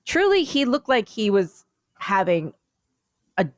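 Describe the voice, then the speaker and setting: A woman co-hosting a podcast, chatting casually and telling a rambling, animated story. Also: mid-range voice, unhurried, no echo. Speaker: podcast co-host. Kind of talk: casual chat.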